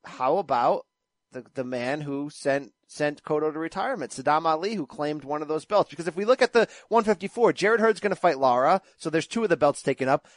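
High-voiced man arguing boxing picks, dry sound. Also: expressive, a little fast, no room sound. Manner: emphatic, explains and argues his picks. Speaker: podcast host. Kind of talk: casual sports chat.

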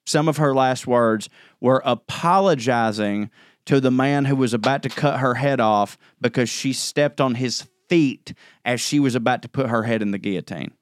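A man's voice: mid-range voice, moderate pace, smooth, no room sound, studio quality. A man co-hosting a comedy podcast in a casual, emphatic, mock-earnest way. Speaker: podcast co-host.

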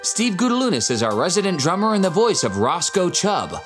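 A man's voice: sits high, big pitch swings, fairly quick, soft background music. A man narrating as game master of a tabletop role-play podcast, telling the scene vividly and theatrically. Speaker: game master and head writer.

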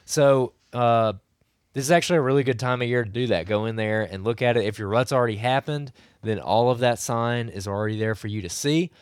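A man, slightly hoarse from losing his voice, giving rambling, coaching advice as a podcast co-host. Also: medium pitch, a little fast, no echo, clean studio sound. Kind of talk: casual podcast chat.

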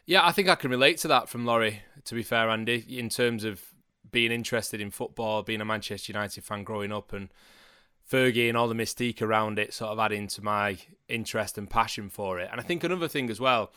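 A man, hosting a podcast in a measured, broadcaster-like way. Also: on the low side, sharp tone, clean tone, no echo, clean studio sound. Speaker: podcast host. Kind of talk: podcast chat.

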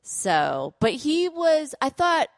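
A woman's voice: high voice, big pitch swings, slow, no room sound. A woman co-hosting a parenting podcast, telling a family story in casual chat, often acting out what people said. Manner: storytelling with quoted voices and laughs. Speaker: podcast co-host.

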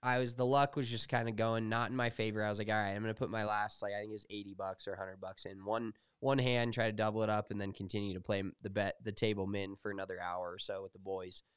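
Smooth-voiced young man telling stories. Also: on the low side, fast, few pauses, no echo, clean studio sound. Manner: animated storytelling, swears freely. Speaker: podcast co-host. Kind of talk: casual chat.

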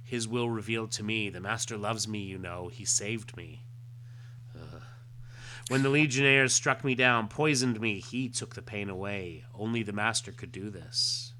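A man's voice: on the low side, normal speed, sharp tone, a little hiss or hum. A man reading as a fanatical young alien cultist. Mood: devout. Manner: devout, fanatical.

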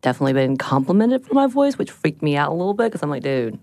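A woman co-hosting a podcast, chatting in a lively, casual way in a studio. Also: sits low, racing, vocal fry, no echo. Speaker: podcast co-host. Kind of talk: casual chat. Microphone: studio mic.

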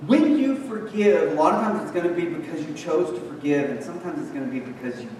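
High-voiced pastor preaching in an echoey hall. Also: male voice, lively intonation, quick pace, a little mellow, slight background noise. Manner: conversational and joking, with sudden emphatic lists. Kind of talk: sermon. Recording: echoey hall, mic far off.

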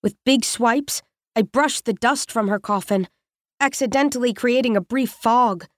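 Woman reading a creepy story in first person, fairly high voice, super dry close mic. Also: dry recording. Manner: measured, tense, intimate telling. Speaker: narrator.

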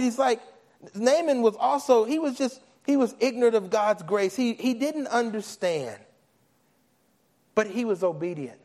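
A man preaching a sermon, animated, acting out biblical characters and his own thoughts, with many restarts. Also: extremely high pitch, a little slow. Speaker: pastor.

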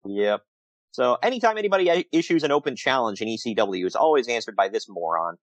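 A man with a fast, mid-range voice co-hosts a casual chat recapping classic wrestling, animated and quick to laugh as he acts out quotes. The recording is rough, with no room sound.

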